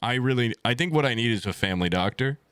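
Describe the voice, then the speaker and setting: A young male streamer in his twenties rambles through a story with crude jokes and blunt swearing. His voice is bright and forward. It is recorded dry and close, with no room sound around it. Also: mid-range voice, expressive, fast talker, clear, resonant tone, dry recording. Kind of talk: casual storytelling to chat.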